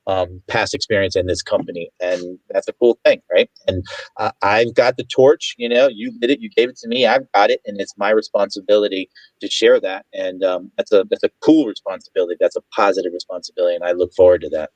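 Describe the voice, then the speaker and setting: A man talking as a guest in a casual online chat, earnest and measured in his manner. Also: low voice, steady tone, a little mellow, no room sound, low-quality recording. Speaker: guest, real estate agent.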